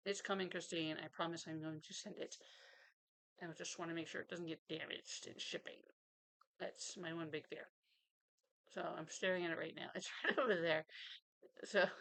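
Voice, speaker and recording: Casting: woman vlogger, slightly low voice, casual rambling chat at home desk. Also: fairly bright tone. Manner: chatty, rambling, laughs often.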